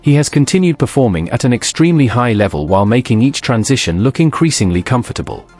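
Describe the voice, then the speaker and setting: A man reading formal, scripted sports narration in an even, measured manner. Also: mid-range voice, soft background music.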